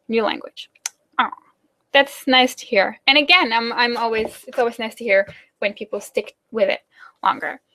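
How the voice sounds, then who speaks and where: A young woman with a German accent chats through viewer questions in a loose, rambling way. Her voice sits a touch high. She fills gaps with ums and likes and breaks into quick laughs. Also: fairly bright tone. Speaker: German-teaching YouTuber hosting a live Q&A. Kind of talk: casual live chat answering viewer questions.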